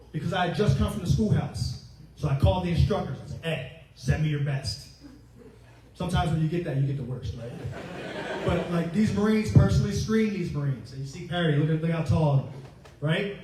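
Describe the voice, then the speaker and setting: A retiring Marine master gunnery sergeant in his forties speaks at his own ceremony, joking and telling stories as he acts out his own past remarks. His voice sits a little high for a man. He is heard from far off in a very echoey hotel ballroom. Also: dark tone, a little hiss or hum. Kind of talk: humorous ceremony speech.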